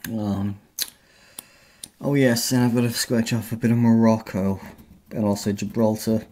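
Low-voiced man chatting casually. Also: steady tone, measured pace, warm tone. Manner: rambling, chatty, many fillers. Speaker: travel vlogger. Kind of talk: casual talk while scratching a map.

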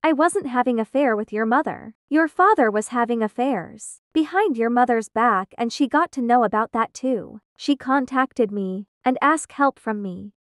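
A woman's voice: a little high, normal speed, hardly any pauses, no room sound, clean studio sound, close to an everyday voice. A woman reading as an older pleading father. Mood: earnest.

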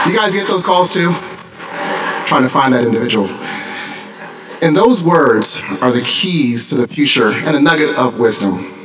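A man's voice: medium pitch, big pitch swings, unhurried, fairly bright tone, distant mic, low-quality recording. A middle-aged man, a school principal, giving a commencement speech, formal with dry jokes. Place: large graduation ceremony.

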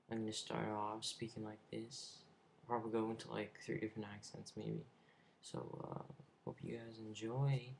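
A man's voice: on the low side, vocal fry, a little hiss or hum. A young man vlogging casually, rambling and hesitant with many fillers. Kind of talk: casual vlog.

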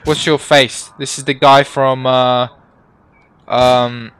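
A man's voice: medium pitch, flat delivery, slow pace, fairly bright tone, smooth. A young man giving casual, joking gameplay commentary as he plays, swearing and laughing at himself. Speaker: gaming YouTuber.

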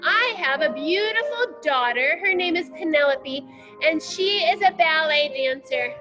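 A woman's voice: sits high, lively intonation, a little slow, dull audio, over music. A woman voicing a poor old male farmer who pleads with a king and boasts about his daughter, in a children's story. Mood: pleading.

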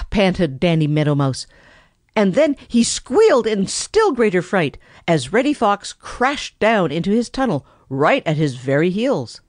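Lively expressive storybook narrator. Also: mid-range voice, measured pace, no echo, clean studio sound. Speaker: audiobook narrator.

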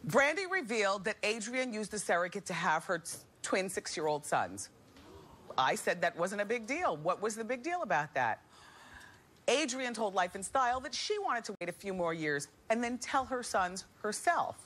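A woman's voice: mid-range voice, very animated, normal speed, fairly bright tone. A woman from New Jersey hosting a talk show, chatting animatedly and laughing often in a studio with an audience. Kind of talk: talk show gossip commentary.

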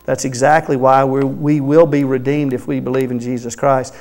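A male pastor preaching a sermon in church, swinging between loud emphatic bursts and soft hushed phrases. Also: medium pitch, flat delivery, normal speed. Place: church sanctuary.

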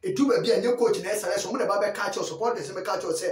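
A Ghanaian man giving football news in a lively, chatty way, often checking that listeners follow along. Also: high-pitched, fast, hardly any pauses. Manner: animated, chatty, keeps asking listeners if they follow. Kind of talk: casual sports news chat. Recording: echoey room, voice from a distant mic.

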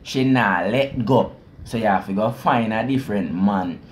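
A man with a Jamaican accent hosting a reaction video, explaining song lyrics in casual, animated patois and chuckling often. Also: on the low side, normal speed, slight background noise. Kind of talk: casual commentary.

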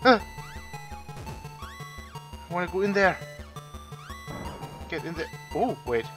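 A gaming channel host with a high, sing-song voice plays a retro game slowly over music, yelping, swearing and talking back at the screen. He closes with a rambling wrap-up full of restarts in this let's play commentary.

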